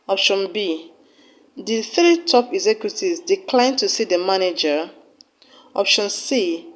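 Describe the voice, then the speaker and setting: Woman, Nigerian accent, English tutor, measured, repeats herself, mid-pitched. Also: darkish tone, poor audio. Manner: slow, deliberate, repeats key points. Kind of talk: exam-prep English lesson.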